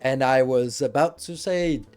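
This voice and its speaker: Man, game streamer, mid-pitched, casual rambling commentary, faint music behind. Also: a little slow, darkish tone, clear, resonant tone. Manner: rambling and chatty, with swearing and laughs.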